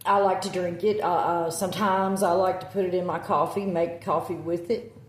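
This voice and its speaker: A woman's voice: fairly low pitch, steady tone, normal speed. Rambling Southern woman in an echoey room. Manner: rambling, filler-heavy, self-correcting. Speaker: witch vlogger. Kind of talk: casual chat to camera. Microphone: phone camera.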